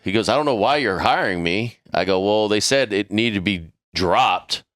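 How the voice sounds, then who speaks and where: Profane middle-aged man with a bright voice. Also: on the low side, normal speed, no echo, studio quality. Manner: profane, animated, acts out the voices of people in his story. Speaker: podcast crew member telling a story. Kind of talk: casual storytelling chat.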